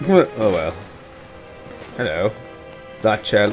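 A man doing jokey, excitable let's play commentary, yelping and swearing when startled. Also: fairly low pitch, takes it slowly, long pauses, soft background music. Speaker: gaming channel host.

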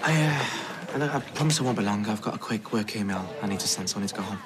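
A man's voice: lowish voice, very fast, a crowd in the background, natural voice. An actor as a flustered evasive man. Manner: hesitant, evasive.

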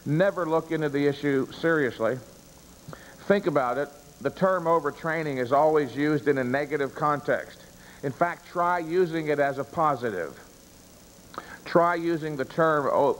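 A man lectures a seminar audience, pressing hard on key words and stopping to answer his own questions. His voice sits a little high. A long reverb trails behind every phrase. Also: a bit bright, slight background noise. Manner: emphatic, poses rhetorical questions and answers them; stresses key words deliberately. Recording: reverberant room, long echo.

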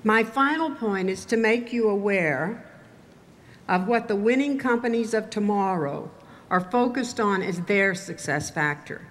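An older woman from Texas giving a commencement speech, telling stories in a measured, wry way. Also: medium pitch, expressive, slight background noise. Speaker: commencement speaker. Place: ceremony venue with audience.

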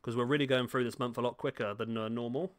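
A man's voice: medium pitch, fairly even intonation, fast talker. A man giving casual, chatty commentary on a football game at home, talking to the players on screen and joking at himself. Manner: chatty, self-mocking, talks to the players on screen. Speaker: gaming YouTuber. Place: home room.

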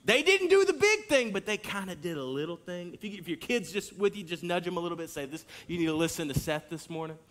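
A man in his thirties preaching a sermon in a church, telling a family story with animated delivery and acted-out lines. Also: high voice, quick pace, hardly any pauses. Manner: animated storytelling, acts out hollering and kids' lines. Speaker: pastor. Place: church sanctuary.

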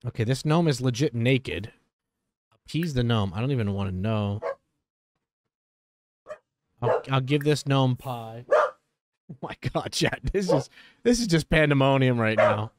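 A man giving casual gameplay commentary as a streamer, chatty and quick to exclaim, breaking off to talk to his dogs. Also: medium pitch, expressive, background noise. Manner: chatty, exclaims often, talks to his dogs between game remarks. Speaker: gaming streamer.

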